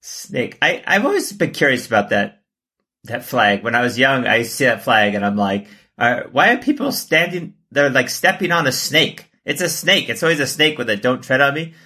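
A man co-hosting a podcast in casual comedic chat, joking and laughing, often jumping into a high exaggerated pitch. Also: sing-song, normal speed, pushed and bright. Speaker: podcast co-host.

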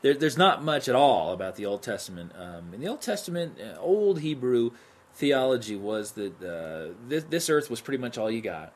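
A man's voice: medium pitch, sing-song, moderate pace. Exasperated sarcastic guy on a podcast, voice jumps around a lot. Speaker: podcast co-host. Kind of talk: casual chat.

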